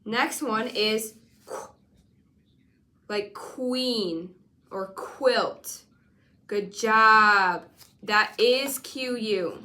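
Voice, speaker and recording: A woman teaching a one-on-one spelling lesson, patient and encouraging, sounding out letters slowly. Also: fairly high pitch, sharp tone. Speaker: reading teacher.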